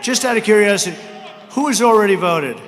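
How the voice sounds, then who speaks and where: Brash older man shouting from a rally podium. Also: high voice, lively intonation, fairly quick. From United States. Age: 70s. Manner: brash, rambling, with mocking asides and shouted lines. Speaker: political candidate at a rally. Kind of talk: campaign rally speech. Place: large arena. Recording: reverberant arena with faint crowd noise.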